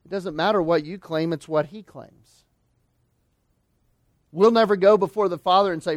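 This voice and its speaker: Male pastor, high-pitched voice, emphatic sermon delivery, dry close sound. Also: dry recording. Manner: emphatic preaching, slowing and dropping low on key phrases.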